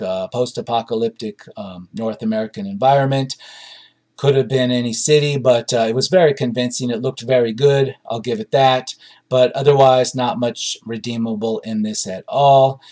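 A man's voice: mid-range voice, darkish tone. Blunt, dismissive male movie reviewer. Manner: blunt and dismissive, many ums and uhs. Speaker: host of a movie review show. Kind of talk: casual spoken commentary reading out and reacting to audience reviews.

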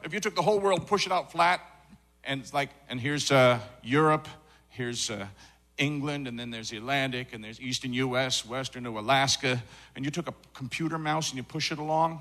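A man doing a live stand-up set on a theater stage, animated and jumping between put-on voices and dialects. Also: medium pitch, a little fast. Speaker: stand-up comedian.

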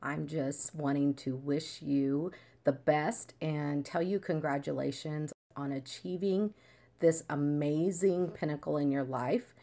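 A woman, an aunt, leaving a measured, loving congratulation message. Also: deep voice, steady tone, mellow.

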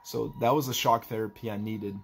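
A young man talking in a personal vlog, halting and emotional as he tries not to cry, with a faint hiss behind him. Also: on the low side, steady tone, creaky, slightly rough. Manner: halting, emotional, restarts often. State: holding back tears. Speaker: vlogger.

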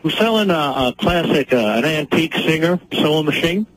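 A man's voice: fairly high pitch, lively intonation, brisk, a bit bright, dry recording, rough recording. A man calling in to a radio show, folksy and bossy in how he talks. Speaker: caller.

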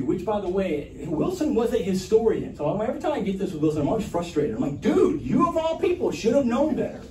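A man giving a conversational history talk to a library audience, with animated asides. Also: high voice. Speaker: history lecturer. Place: library meeting room. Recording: echoey room, from a distance, faint room noise.

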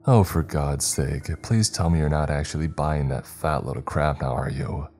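A cruel, condescending unseen spirit taunts with a sneer, as a male narrator puts him on. His voice sits extremely low and dark, mocking at every turn. Soft music plays underneath. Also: normal speed.

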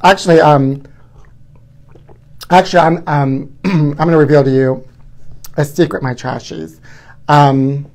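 A man's voice: a little high, steady tone, slow, pauses often, darkish tone, soft background music. A man hosting a live stream, chatting in a campy, gossipy way and calling his viewers honey. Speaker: livestream host.

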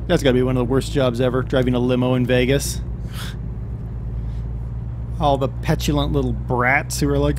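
A man's voice: mid-range voice, flat delivery, normal speed, pauses often, darkish tone, a little hiss or hum. A man giving casual, joking commentary while playing a driving game, often laughing at himself. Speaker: gameplay commentator. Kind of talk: casual let's-play commentary.

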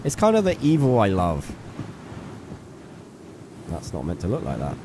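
A man's voice: fairly low pitch, huge pitch swings, moderate pace, noisy background. A young man giving playful live gameplay commentary, chatting to his viewers and scolding an in-game character. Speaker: game streamer.

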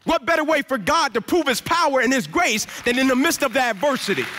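A man's voice: very high voice, lively intonation, fast talker, a crowd in the background, noisy background. A man in his thirties giving an emphatic motivational sermon as a guest speaker in a church, telling a personal story and acting out the dialogue.

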